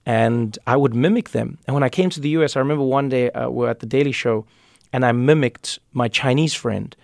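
A man's voice: medium pitch, brisk, vocal fry, darkish tone, dry recording, clean studio sound. A man from Africa, speaking thoughtfully as an interview guest and repeating words as he builds a point. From South Africa. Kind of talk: conversational interview.

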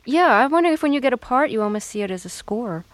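A woman's voice: a little high, animated, racing, dry recording. A woman interviewer asking earnest, searching questions, with a few hesitant restarts.

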